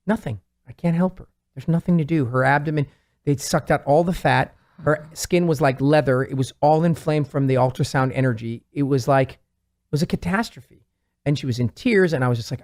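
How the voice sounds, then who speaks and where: Quick-talking guy, kinda high voice, plastic surgeon telling patient stories, very animated. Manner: animated storyteller, quotes patients in lively voices. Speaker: plastic surgeon, show regular. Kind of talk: casual talk-show conversation.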